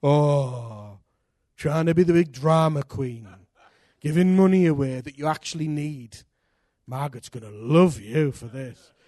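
Bloke doing the devil, sneering and taunting, voice pitched up high, dead dry sound. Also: male voice, measured pace, mellow, no echo, lightly acted. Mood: mocking. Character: mocking male devil, taunting.

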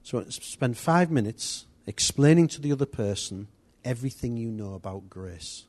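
A man's voice: mid-range voice, animated, moderate pace, darkish tone. A man giving an informal, chatty church teaching, rambling a little with restarts and asides. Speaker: church leader.

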